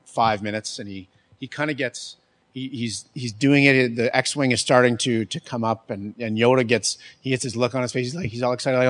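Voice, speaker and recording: A man's voice: mid-range voice, a bit bright. A man giving a casual talk on accessibility, conversational, often restarting and checking in with the listeners. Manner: conversational, restarts, keeps asking "right?". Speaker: speaker on accessibility.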